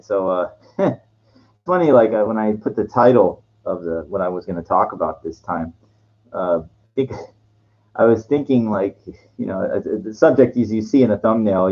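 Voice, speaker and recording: A man's voice: low-pitched, lo-fi sound. A man talking casually to his vlog audience, rambling through fillers and restarts and laughing at his own jokes. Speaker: vlogger.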